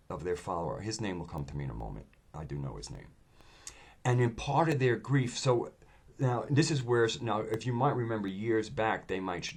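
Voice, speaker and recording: A man with a fairly low voice talks through a casual video monologue. He meanders from thought to thought, stalls on fillers and restarts, and trails off when he searches for a word. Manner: rambling and hesitant, with many fillers. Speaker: video host.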